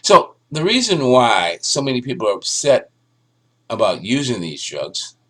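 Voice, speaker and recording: Unhurried and mid-range in pitch, this man rants sarcastically about the news in a solo opinion piece. His delivery is animated, marked by stammering restarts as he begins sentences over.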